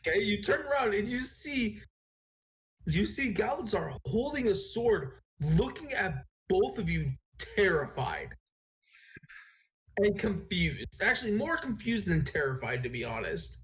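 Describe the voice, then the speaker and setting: Game master, casual and self-correcting, lively pitch. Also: unhurried. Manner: rambling, self-correcting narration. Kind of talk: narrating a tabletop game.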